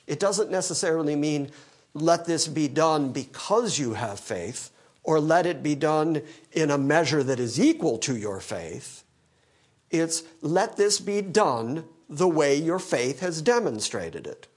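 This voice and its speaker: A male pastor preaching an expository sermon, animated and teaching verse by verse, with dry humor. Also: on the high side, unhurried, breathy edge. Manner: animated, quoting scripture in character, dry humor.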